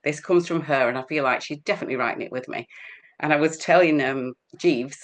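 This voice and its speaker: A woman's voice: sits low, a little fast. A middle-aged English woman chatting as an interview guest, rambling and laughing often. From England. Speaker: guest healer. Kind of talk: casual chat.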